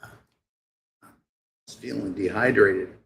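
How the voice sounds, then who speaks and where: A man's voice: on the low side, takes it slowly, vocal fry, a bit bright, low-quality recording. A man hosting a livestream, drawling and cursing in casual asides. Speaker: show host.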